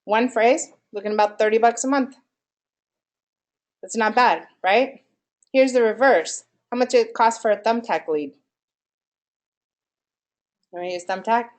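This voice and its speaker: A woman's voice: a little high, measured pace, long pauses. A woman giving a live marketing workshop in a room with an audience, quizzing listeners and asking them for answers as she goes. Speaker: marketing presenter.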